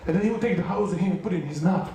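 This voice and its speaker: Man preaching, very high voice, animated storyteller, distant mic in a booming hall. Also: rapid-fire. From United Kingdom. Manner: animated, acts out voices, laughs often. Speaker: youth preacher. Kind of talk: storytelling sermon. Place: large hall at a school rally.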